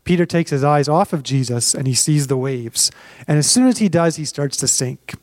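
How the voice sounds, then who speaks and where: A man preaching as a pastor, telling the story in a lively, conversational way and acting out the voices of the people in it. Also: a little high, normal speed, no echo. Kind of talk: sermon storytelling.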